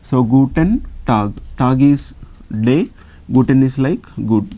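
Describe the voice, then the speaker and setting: A man with an Indian English accent teaches a lesson at a very slow, unhurried pace. His voice is mellow and dark, and he repeats each sound patiently, asking his listeners simple questions as he goes. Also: mid-range voice. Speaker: language teacher.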